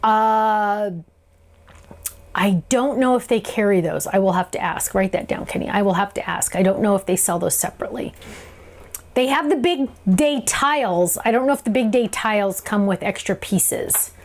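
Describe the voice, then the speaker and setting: A woman's voice: mid-range voice, expressive, moderate pace. A woman hosting a live craft show, answering viewer questions in a chatty, bubbly way and laughing often. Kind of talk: live stream Q&A chat.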